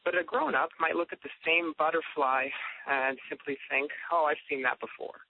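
A man's voice: fairly high pitch, steady tone, moderate pace, noisy background. A man, the guest author, speaking thoughtfully with frequent fillers in a reflective conversation about faith. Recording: tinny phone line.

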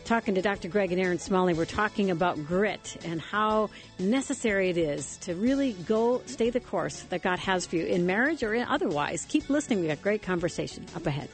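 A woman's voice: medium pitch, expressive, fairly quick, few pauses, faint music behind. A woman hosting a Christian talk radio show, reflecting back on her guests' words and quoting from a book.

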